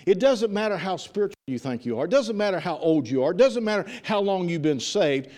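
A man with a high voice preaches to a congregation in a church. He builds his points by repeating lines and often restarts his phrases mid-thought. His delivery is fervent and insistent. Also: animated, a little fast, darkish tone. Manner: fervent, repetitive, with frequent restarts. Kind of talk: evening sermon.

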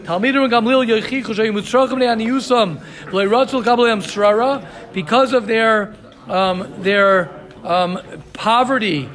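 A man teaching a Talmud class who reads Hebrew lines aloud and then translates them, pausing to reassure his students. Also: high-pitched, fairly bright tone. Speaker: Torah teacher.

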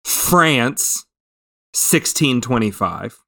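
A man's voice: mid-range voice, expressive, drawn-out words, creaky, pushed and bright, no room sound, studio quality. A man co-hosting a podcast, chatting casually with a rambling, hesitant manner. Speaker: podcast co-host.

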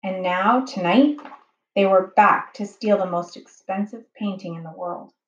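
A woman reading a children's book aloud slowly and carefully as the narrator. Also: medium pitch, a little hiss or hum. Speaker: storyteller. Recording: dull, roomy home recording.

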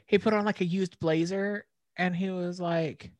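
Low-voiced woman with wry jokes, dry sound. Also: fairly even intonation, moderate pace, darkish tone, no room sound. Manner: wry, joking interjections. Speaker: podcast co-host. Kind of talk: casual chat.

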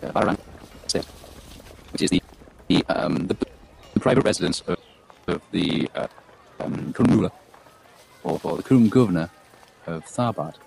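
A man's voice: low-pitched, expressive, normal speed, creaky, pauses often, a little mellow, low-quality recording. A man narrating as game master of a tabletop game, rambling with lots of restarts, with faint noise behind. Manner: rambling, full of fillers and restarts.

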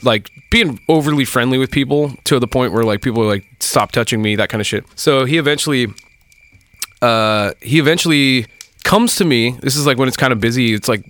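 A man in the middle of a rambling bar story, talking loosely and swearing often. He jumps in and out of quoted voices, pushing his pitch well up to play the other people. His pitch sits in an ordinary middle range. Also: fairly quick. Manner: profane, animated, acts out quoted voices. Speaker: bar worker telling a story. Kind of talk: casual storytelling chat.

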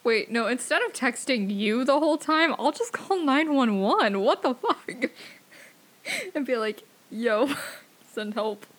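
A woman's voice: high voice, very animated, takes it slowly, a bit bright. A woman co-hosting a podcast in casual banter, wry and sweary, with lots of "like.". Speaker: podcast co-host.

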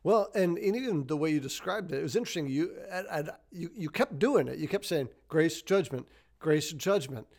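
Higher-voiced man musing on his thoughts. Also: expressive, moderate pace, darkish tone. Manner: reflective, repeats phrases for emphasis. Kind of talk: casual theological discussion.

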